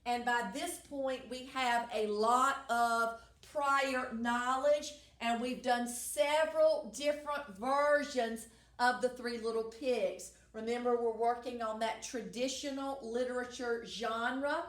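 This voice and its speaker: Woman teacher, cheerful sing-song lesson delivery, slow and unhurried, echoey room sound. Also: fairly high pitch, steady tone. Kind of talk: recorded class lesson with songs.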